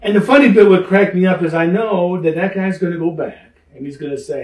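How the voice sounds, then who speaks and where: An older man, once a pro wrestler, recounts his stories with animated, playful energy and slips into the voices of the people in them. His voice sits somewhat high for a man. He sounds set back from the microphone, with a roomy echo around him. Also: fairly quick, far from the mic. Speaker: former pro wrestler, interview guest. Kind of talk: lively anecdotal storytelling. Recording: roomy echo, speaker off-mic.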